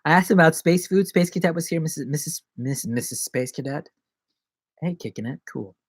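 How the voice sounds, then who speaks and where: A man's voice: fairly high pitch, brisk, dry recording. A man chatting casually on a live stream, rambling from one joke and bit of wordplay to the next.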